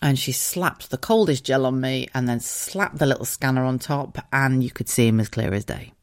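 A woman's voice: extremely low pitch, moderate pace. Chatty, candid woman telling a story. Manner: chatty and rambling, with asides and frequent laughter; openly emotional, candid and a little sweary. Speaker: podcast host. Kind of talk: casual storytelling monologue.

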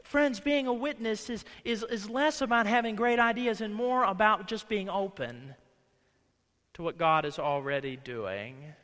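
A man's voice: sits high, a little slow, fairly bright tone, long reverb tail. A man preaching a conversational sermon as pastor in a church, slipping into quoted voices. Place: church sanctuary.

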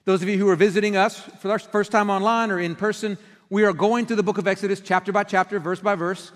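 A middle-aged pastor giving a conversational sermon, telling stories and acting out quoted outbursts. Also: male voice, high voice, fairly even intonation, quick pace. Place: church sanctuary. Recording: long hall reverb.

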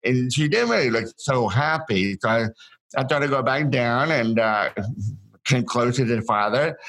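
A man of middle pitch tells stories from his childhood as an interview guest. He talks in a casual way, in halting bursts, restarting his sentences and repeating words as he goes. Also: a bit bright, rough recording. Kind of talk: casual storytelling.

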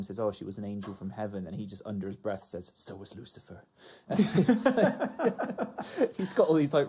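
A man chatting casually about a TV series, agreeable and quick to laugh. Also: mid-range voice, a little mellow. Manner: agreeable, laughs often, trails into asides. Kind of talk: casual chat about a TV show.

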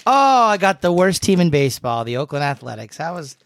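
A man's voice: on the high side, very animated, fairly quick, slight background noise. A man co-hosting a podcast in casual, playful chat with a friend, showing off gifts. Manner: playful, teasing. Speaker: podcast co-host.

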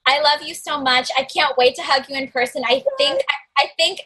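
A woman's voice: high voice, steady tone, fairly quick, pushed and bright, rough recording. A young adult woman from the American South, a guest on a podcast, talking about her mentoring work in an effusive, swearing, enthusiastic way. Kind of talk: casual podcast interview.

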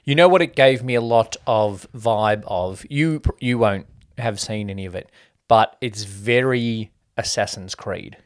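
A man with a lowish voice co-hosts a casual film review podcast, speaking unhurriedly with few pauses. He's chatty and quotes people using mock voices.

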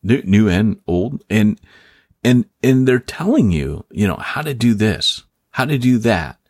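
A man with a low voice co-hosts a casual podcast, swinging his pitch all over as he jokes and laughs. The sound is dry and close. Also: unhurried, dry recording. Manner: animated, joking, laughs often. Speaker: podcast co-host and author. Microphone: remote call.

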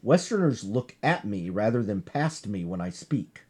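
A man reading a martial-artist hero's inner thoughts in a slow, deliberate, wise-sounding cadence. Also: lowish voice, sing-song, a little mellow, slightly rough, pitched below the performer's own voice. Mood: measured.

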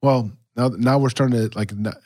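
A man's voice: medium pitch, brisk, warm tone, dry recording, studio quality. A man co-hosting a church podcast, chatting casually about faith with lots of fillers and restarts. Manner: rambling, many fillers and restarts. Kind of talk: casual chat.

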